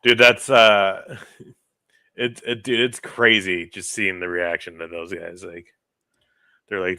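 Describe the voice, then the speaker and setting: Low, bright-toned blunt man. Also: flat delivery, takes it slowly, pauses often, no echo. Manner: profane, blunt, says dude a lot. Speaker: podcast co-host. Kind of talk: casual sports chat.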